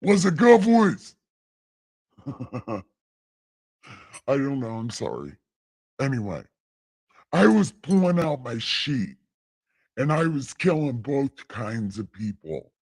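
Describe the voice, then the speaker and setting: A man's voice: mid-range voice, sing-song, takes it slowly, long pauses, darkish tone, slightly rough. A man casually reading the Bible aloud on a late-night livestream, irreverent and rambling, stumbling over lines and swearing as he goes.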